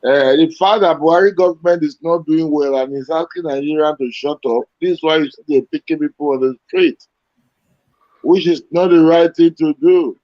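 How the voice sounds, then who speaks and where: A man's voice: on the high side, normal speed, no room sound. A man on a talk show panel, firmly contradicting another speaker over a dull remote line. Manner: firm, contradicting.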